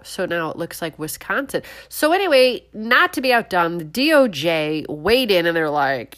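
A woman giving political commentary straight to her viewers, animated and sarcastic. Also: on the low side, moderate pace, hardly any pauses. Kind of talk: direct-to-audience commentary.

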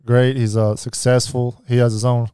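A man telling his life story as a podcast guest, halting, with many fillers and restarts. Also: mid-range voice, flat delivery, mellow, smooth, dry recording, clean studio sound. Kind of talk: personal storytelling.

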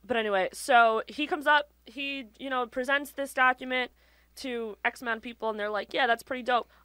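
A woman's voice: fairly high pitch, normal speed, sharp tone, smooth, dry recording. A woman co-hosting a casual podcast, explaining history in a chatty way with fillers. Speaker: podcast co-host.

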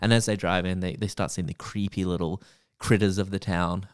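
A man chatting casually on a podcast, retelling a show in a rambling, animated way with laughs. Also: low-pitched, a little fast, clean tone, no echo, clean studio sound. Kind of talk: casual chat recapping a show.

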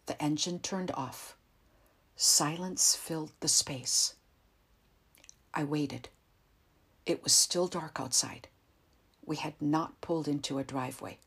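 A woman narrating a first-person story in a quiet, tense, measured way. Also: sits low, breathy edge.

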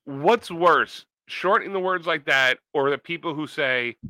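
A young man co-hosting a podcast, teasing his friend with playful, quick comebacks. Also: on the high side, sharp tone, no room sound. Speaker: podcast co-host. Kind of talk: casual banter.

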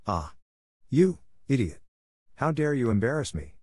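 A man's voice: medium pitch, expressive, brisk, a little mellow, no echo, clean studio sound, close to an everyday voice. A man voicing a furious, brutish male villain who snarls curses at his foes. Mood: enraged. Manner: snarling, cursing taunts.

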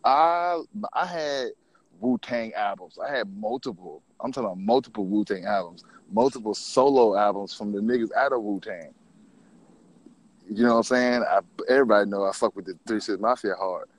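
A man's voice: lowish voice, normal speed. A man in casual conversation, telling stories about rap music in a laid-back, slangy way with plenty of swearing.

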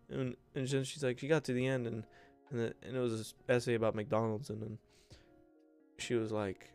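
A young podcast host and content creator tells childhood stories on his casual solo show, joking loosely, calling the listener bro and mimicking the people involved. His mid-range voice is fast, creaky, a little mellow, clear and resonant, with faint music behind.

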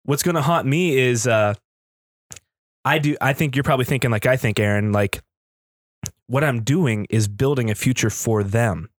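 A man's voice: mid-range voice, moderate pace, pauses often, no echo. Rambling, thoughtful man in a dry room. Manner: rambling, thoughtful, with restarts and acted-out quotes. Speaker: podcast co-host. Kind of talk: casual chat.

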